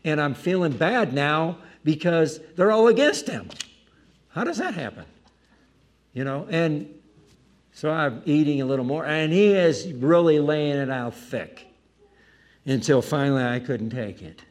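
A male preacher tells a personal dinner-table story with lively energy. He jumps into asides, pokes fun at himself, and acts out the scene as he goes. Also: on the high side, unhurried. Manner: animated, self-mocking asides, acts out the scene. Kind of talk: anecdotal storytelling.

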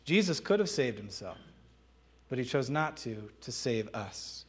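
A man's voice: medium pitch, very animated, measured pace, breathy edge. A man preaching a sermon, emphatic and conversational, often asking rhetorical questions and laughing between points.

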